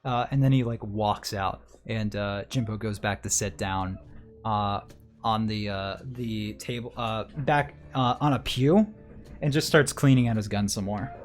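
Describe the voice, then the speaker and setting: A man's voice: lowish voice, fairly even intonation, measured pace, faint music behind. A man narrating a tabletop game as game master, casual and hesitant with many fillers.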